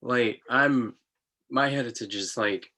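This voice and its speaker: A giggly man co-hosting a podcast in casual chat, with a bright, tense edge to his voice. His tone is husky and a little rough rather than clean. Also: mid-range voice, slow. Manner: giggly, laughs often between remarks. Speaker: podcast co-host.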